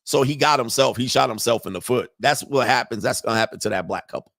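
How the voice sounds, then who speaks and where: A man's voice: mid-range voice, fast, vocal fry, a bit bright, dry recording, studio quality. A middle-aged man hosting a commentary show, reacting to interview clips in a blunt, slangy, profane way. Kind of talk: casual commentary.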